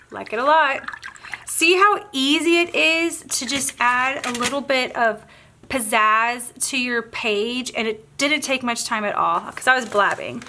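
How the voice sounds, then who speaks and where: Her voice is high and sharp, with a little background noise behind it. She's a Southern-accented craft tutorial host who talks her way through a painting tutorial in a casual, bubbly manner, musing aloud as she works.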